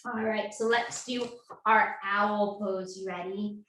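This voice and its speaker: A woman's voice: mid-range voice, fairly even intonation, slow, a bit bright. A woman leading a children's story time, reading a picture book, singing and coaxing young kids to join in. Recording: echoey room, distant mic.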